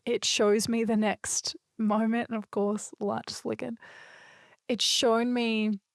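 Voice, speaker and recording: A woman's voice: medium pitch, creaky, dry recording, clean studio sound. A woman hosting a solo podcast, talking in an earnest, emphatic, reflective way. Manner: earnest, emphatic and spiritual, with a few loose swears. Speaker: podcast host.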